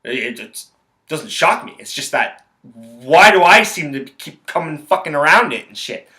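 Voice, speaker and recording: A man's voice: a little high, very animated, normal speed, pushed and bright. A young man, hosting a solo podcast and telling a rambling, blunt story full of profanity. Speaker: podcast host.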